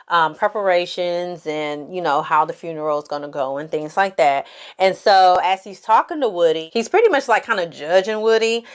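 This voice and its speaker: A woman hosting a casual TV recap, chatty and animated, with features, acting out characters' lines in a dramatic voice. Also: on the low side, clear, resonant tone. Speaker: film and TV recap host.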